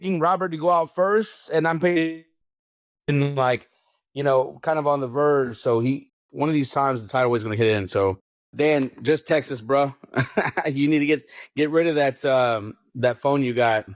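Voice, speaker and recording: A man's voice: mid-range voice, normal speed, no echo. A man co-hosting a poker podcast in casual banter. He is laid-back and slangy and laughs often. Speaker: podcast co-host running the picks.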